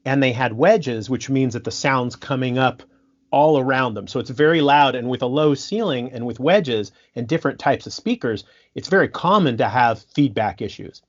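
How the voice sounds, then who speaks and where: A man telling stories in a casual podcast interview, animated, laughing often and restarting his sentences. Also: mid-range voice, normal speed, highs cut off. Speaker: guest musician and sound engineer.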